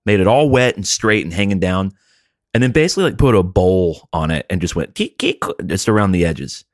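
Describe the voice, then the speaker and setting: A man's voice: low voice, expressive, brisk, no echo. A man in his thirties in casual chat, laid-back and dry, swearing now and then.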